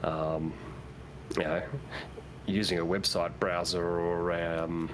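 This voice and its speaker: A very deep-voiced man talks casually over online voice chat, wandering through his points with plenty of ums and restarts. A steady hiss of background noise sits under his voice. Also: slow. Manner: rambling, lots of fillers and restarts. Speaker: livestream co-player.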